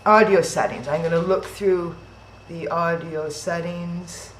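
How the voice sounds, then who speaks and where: A woman's voice: on the low side, fairly even intonation, unhurried. Flustered woman host thinking aloud. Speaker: event host. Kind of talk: live-stream hosting, troubleshooting aloud. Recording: roomy echo, faint noise.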